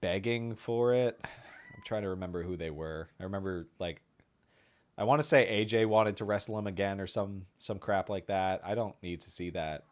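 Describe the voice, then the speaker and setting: A man with a lower voice co-hosts a casual wrestling podcast. He talks hesitantly with wry remarks and often trails off mid-thought. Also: moderate pace. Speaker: podcast co-host.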